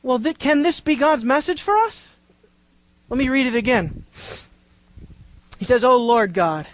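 A woman's voice: sits high, lively intonation, a little slow, no room sound, rough recording. A woman preaching a Bible-teaching sermon, drawing out key words for emphasis and putting questions to the congregation.

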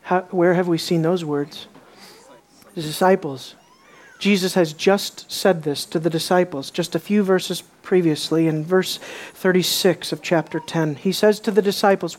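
A preacher giving a sermon, animated, who often restarts and repeats words, asks many rhetorical questions and swings from loud emphasis to quiet intensity. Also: medium pitch, normal speed.

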